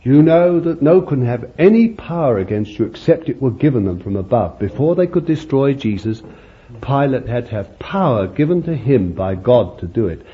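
Male preacher with a folksy, conversational sermon delivery and an animated pitch, on a muffled lo-fi recording. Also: normal speed. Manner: folksy, conversational preaching with many "you see" asides. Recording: muffled lo-fi recording with faint hiss.

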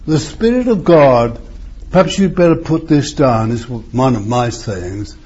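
Older preacher, lively pitch, husky. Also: male voice, measured pace. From East End of London. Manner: emphatic, rhetorical questions, wide swings in pitch. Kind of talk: sermon. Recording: muffled lo-fi sermon recording.

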